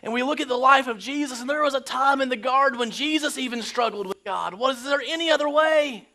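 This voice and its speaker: A man's voice: very high-pitched, fast talker, pushed and bright. A man preaching a casual, joking sermon in church, slipping into slangy quoted voices. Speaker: pastor. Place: church sanctuary.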